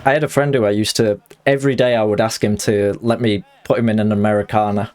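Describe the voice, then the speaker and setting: A man chatting excitably and jokily while streaming a fighting game live. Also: lowish voice, fast. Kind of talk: live gaming commentary.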